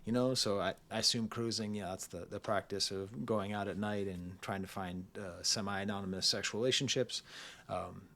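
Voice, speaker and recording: A man's voice: fairly low pitch, fairly even intonation, moderate pace, gravelly, pushed and bright. A man hosting his own record review channel, talking casually through an album with rambling, digressive asides and frequent laughter. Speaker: music reviewer, channel host.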